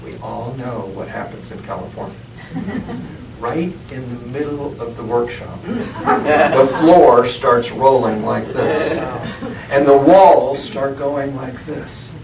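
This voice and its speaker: A man's voice: mid-range voice, slow pace, vocal fry, crowd noise. A middle-aged man, a reverend, telling a personal story within a sermon and laughing often as he goes. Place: church sanctuary. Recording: echoey church from far off, noisy.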